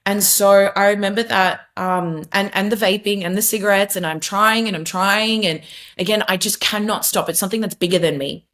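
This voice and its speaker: A woman's voice: mid-range voice, fairly quick, fairly bright tone. A young adult woman, a podcast guest, giving an earnest, emphatic personal testimony in casual conversation, with many fillers and restarts.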